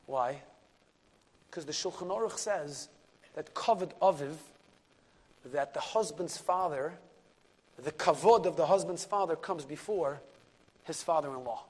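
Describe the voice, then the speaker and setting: A man, a rabbi, telling a story in a class, animated, dropping to a hush at key moments and mixing in Yiddish and Hebrew words. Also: a little high, measured pace, long pauses. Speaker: rabbi and lecturer.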